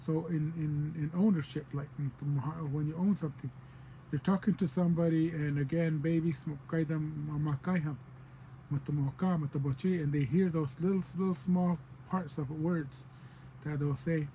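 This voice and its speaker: A man with a somewhat high, mellow voice gives a loose, informal language lesson. He wanders between examples and fills pauses with "um," slipping into playful voices when he quotes people. A faint hiss sits behind him. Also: low-quality recording. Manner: relaxed and digressive, with many fillers and playful quoted voices. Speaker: language teacher.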